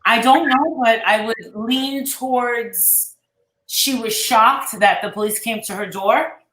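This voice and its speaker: Casting: woman host, slightly high voice, rambling gossip chat with swearing, echoey room. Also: slow pace, fairly bright tone. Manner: rambling, swears freely, retells quotes.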